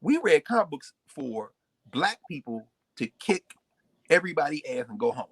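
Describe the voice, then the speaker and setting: A man with a high, lively voice lectures to a class, emphatic and quick to repeat himself as he builds up to a point. The sound is close and dry. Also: husky, dry recording. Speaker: host and lecturer. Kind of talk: animated classroom talk.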